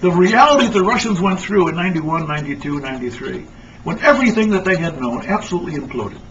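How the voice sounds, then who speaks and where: A man speaking as a lecturer, animated and emphatic as he tells stories. His voice is high for a man. The sound is muffled and distant, with faint noise. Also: fast. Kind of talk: lecture talk.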